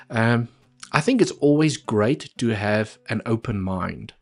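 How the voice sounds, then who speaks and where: A man's voice: medium pitch, animated, takes it slowly, gravelly, faint music behind. A man talking casually through trading charts on a live stream, chatty and repeating points for emphasis.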